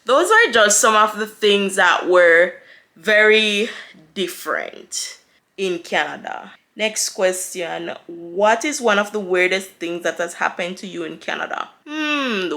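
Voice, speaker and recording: A woman's voice: mid-range voice, animated, pushed and bright. A young woman from Jamaica with a Jamaican accent, chatting casually to the camera and answering viewer questions, laughing often. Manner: chatty, laughs often, quick with playful asides. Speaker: vlogger. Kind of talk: casual Q&A vlog.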